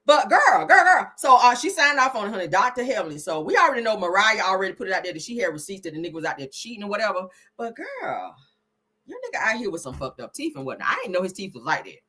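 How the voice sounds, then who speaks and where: On a gossip live stream, a brash woman hosts casual commentary in a husky voice that is bright and forceful, her pitch bouncing up and down. She laughs easily, curses a lot, and repeatedly calls out to her viewers.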